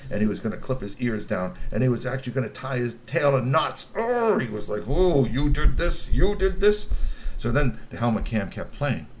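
A man's voice: on the low side, a little hiss or hum. A man telling a long story with exclamations, laughing asides and repeated words. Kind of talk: animated oral storytelling.

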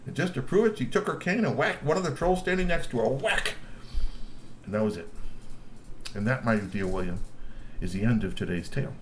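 A man telling a child a bedtime story in an expressive, animated way. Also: mid-range voice, fast, slight background noise. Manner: animated, expressive, acts out characters.

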